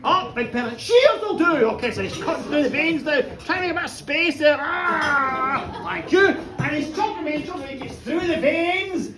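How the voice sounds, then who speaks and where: Lively woman storyteller, high, very expressive, far mic, echoey pub, audience heard. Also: moderate pace, hardly any pauses, very noisy. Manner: animated, playful, acting out the tale. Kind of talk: live comic storytelling. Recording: roomy, distant live pub recording.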